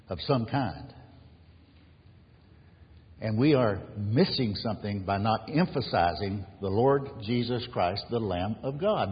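A man's voice: on the low side, husky. A man preaching an earnest sermon as pastor, building emphasis on key phrases. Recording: dull lo-fi sound in a reverberant hall.

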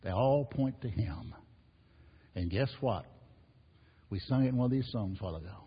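A man's voice: medium pitch, normal speed, breathy edge. A man preaching a sermon as pastor, emphatic and repetitive, rising and falling in force. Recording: muffled, reverberant hall recording.

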